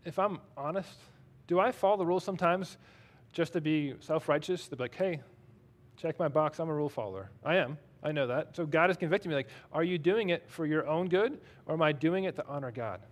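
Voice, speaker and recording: A man's voice: on the high side, brisk. A man preaching a sermon in a conversational, self-deprecating way, reading scripture aloud between his own remarks. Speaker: pastor.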